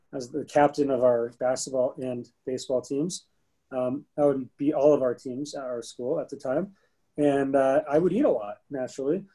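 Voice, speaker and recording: A man in his thirties co-hosting a podcast, telling an animated story in a casual chat. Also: medium pitch, low-quality recording. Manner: animated storyteller, bursts into rapping. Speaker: podcast co-host.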